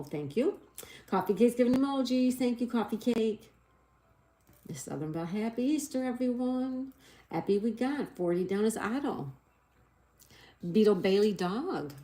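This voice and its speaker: A middle-aged woman hosts a casual livestream, cheerfully chatting as she reads viewer comments aloud and spells crossword answers one letter at a time. Her medium-pitched voice is animated and dark in tone, moving at a normal speed, and she apologizes whenever she slips up.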